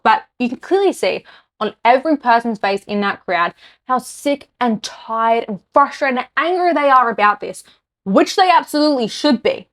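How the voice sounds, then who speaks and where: Heated Australian woman ranting. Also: fairly high pitch. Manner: heated, exasperated, speaks her mind bluntly. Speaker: podcast host. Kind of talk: political rant to camera.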